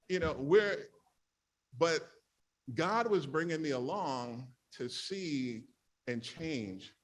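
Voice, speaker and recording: Speaking in a fairly high, slightly bright voice, a New Yorker in middle age gives a funny testimony to his church. He plays out his own former grumbling as he tells it.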